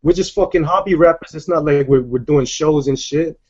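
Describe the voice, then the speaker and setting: A man's voice: fairly high pitch, fairly quick, a little mellow, husky. A man, a hobby rapper, rambling and swearing in a casual interview. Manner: rambling, profane. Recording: dull lo-fi audio.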